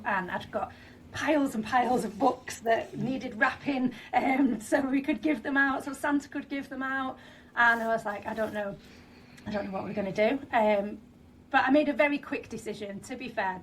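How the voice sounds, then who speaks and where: A woman's voice: a little high, recorded from a distance, a little hiss or hum. A woman in her thirties with a Northern English accent, a franchisee telling her story in a podcast interview, chatty with fillers and restarts. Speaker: franchisee guest.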